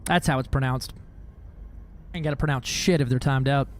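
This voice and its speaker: A man's voice: mid-range voice, moderate pace, a little hiss or hum. A man streaming a space game, chatting casually with viewers in a joking, profane way. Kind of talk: casual gaming livestream chat.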